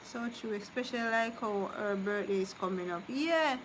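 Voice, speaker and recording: Woman streamer, mid-pitched, chatty and consoling, noisy background, live vlog. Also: moderate pace. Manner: chatty, consoling then teasing, drifts between topics. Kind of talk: casual live-stream chat with viewers. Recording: noticeable background noise.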